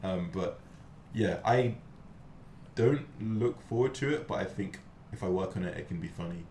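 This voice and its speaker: With a low-pitched voice and moderate pace, a young man casually spins stories as host, acting out each person's voice. The echoey room picks up faint background noise.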